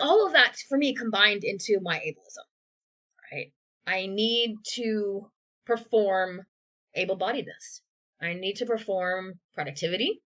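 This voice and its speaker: A woman co-hosting a podcast from home over a video call. She sits at an ordinary middle pitch, and her talk is earnest and reflective, with a dry sarcastic streak. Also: a bit bright. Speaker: podcast co-host. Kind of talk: candid conversational podcast talk.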